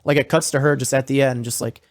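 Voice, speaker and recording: A man's voice: mid-range voice, fairly even intonation, fast, no room sound. A man co-hosting a podcast, recapping a horror series in casual, profane, rambling talk full of fillers. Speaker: podcast co-host.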